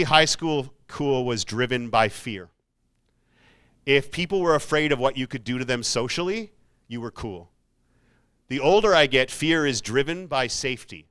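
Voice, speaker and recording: A man's voice: medium pitch, a bit bright, clean tone. A man giving a casual, jokey motivational talk to students, with self-mocking asides, speaking in a university hall. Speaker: keynote speaker.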